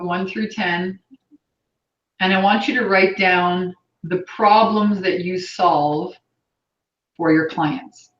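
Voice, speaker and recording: A woman hosting a live coaching Q&A, energetic and blunt, swearing casually as she teaches. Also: medium pitch. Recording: roomy, slightly dull sound.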